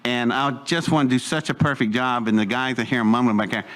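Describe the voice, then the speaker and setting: A man's voice: mid-range voice, fairly quick, a bit bright. Picture an older man holding a room with a long personal story. He wanders off on tangents, backs up to fill gaps, and laughs at his own asides in an easy, unpolished telling. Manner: rambling, digressive, chuckling asides. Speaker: speaker telling a life story. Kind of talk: anecdotal storytelling to a live audience.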